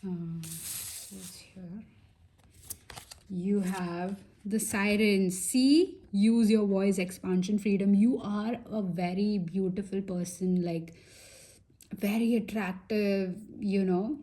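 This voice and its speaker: Slow, mellow-voiced woman reading tarot. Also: mid-range voice, fairly even intonation. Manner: chatty and reassuring, many fillers and asides, drops into soft whispers. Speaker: tarot reader. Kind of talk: casual pick-a-pile tarot reading.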